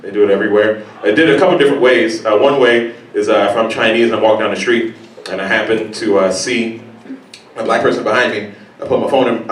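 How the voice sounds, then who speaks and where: A man doing a stand-up set in a comedy club, talking casually and acting out people in sudden high squeals. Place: comedy club stage before a laughing crowd. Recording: roomy live club sound from a distance.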